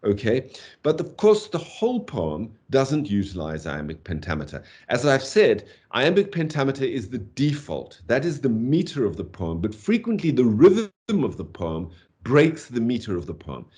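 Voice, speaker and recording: A man giving a university lecture on poetry, animated, tapping out rhythms aloud and saying "okay" often. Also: medium pitch, normal speed. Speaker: literature lecturer.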